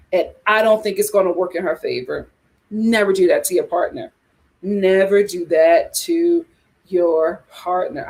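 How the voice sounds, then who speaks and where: Sassy, animated woman reviewer. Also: fairly high pitch. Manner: sassy, animated, laughs often. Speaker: reality TV reviewer. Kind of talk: casual show recap.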